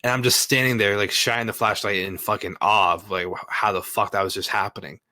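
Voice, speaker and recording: A man's voice: on the low side, a little fast. A man casually retelling a story, full of swearing and fillers. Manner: profane, filler-heavy, animated retelling.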